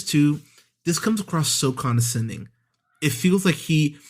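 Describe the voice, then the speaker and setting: A man's voice: medium pitch, a little mellow. A man ranting through a sarcastic, profane movie review on a podcast, with exasperated asides and mocking impressions.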